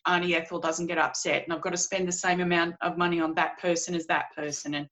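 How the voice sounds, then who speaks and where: A woman's voice: on the low side, level tone, fast talker, fairly bright tone, low-quality recording. A woman in her forties hosting a casual podcast chat, speaking bluntly and emphatically as she tells a client story.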